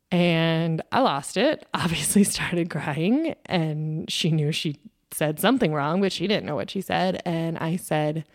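A woman's voice: low voice, measured pace, no echo, studio quality. A woman in her thirties, a podcast host, telling a personal story in a candid, conversational way with plenty of fillers.

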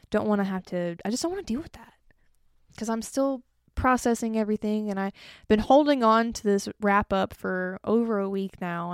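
A woman's voice: medium pitch, clean tone, no room sound, clean studio sound. A young woman hosting her own podcast, chatting casually and joking at her own expense, tired from an early start. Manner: chatty and self-deprecating, joking asides. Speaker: podcast host. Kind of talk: casual solo podcast chat.

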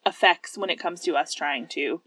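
Lively woman co-hosting a faith chat. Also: sits low, moderate pace, slightly rough, dry recording. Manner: lively, laughs often, quotes scripture. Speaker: podcast co-host. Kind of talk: casual faith-based chat.

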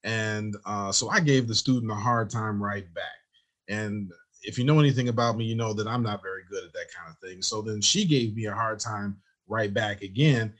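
Animated male storyteller in conversation. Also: on the low side, moderate pace. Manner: animated storyteller, acts out quoted dialogue. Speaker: teacher, guest.

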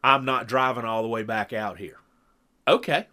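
A middle-aged man telling a long story in casual chat, animated and acting out what people said. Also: medium pitch, brisk. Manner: animated storyteller who acts out quotes. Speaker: podcast co-host.

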